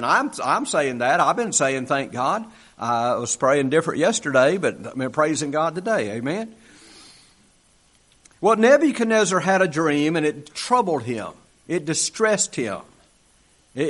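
A man's voice: on the high side, fairly bright tone. A man preaching a conversational sermon, acting out scripture dialogue with frequent restarts. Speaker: pastor.

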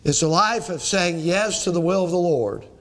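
A pastor delivers an evening sermon in a man's fairly high voice. He builds to ringing, emphatic peaks and then drops low and slow for quiet stretches, the pacing of a practiced preacher. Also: lively intonation. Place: church service in the evening.

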